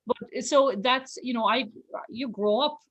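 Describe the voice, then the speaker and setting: A woman's voice: a little high, measured pace, fairly bright tone, no room sound, dull audio. An Irish woman from rural Ireland hosting an online talk, chatty and full of "you know" and "like". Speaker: host. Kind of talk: casual video call interview. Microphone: video call.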